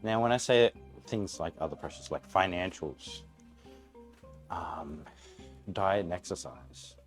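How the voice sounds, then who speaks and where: An Australian man cooks while streaming live from the single-car garage at his home, rambling along in a casual, candid way. His voice is low-pitched with lively intonation and a measured pace, and faint music sits in the background.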